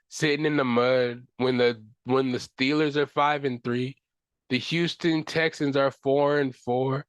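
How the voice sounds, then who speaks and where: A man's voice: mid-range voice, steady tone, unhurried, clear, resonant tone, no echo. A young man hosting a solo sports podcast, ranting in frustration with casual slang and profanity. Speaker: podcast host.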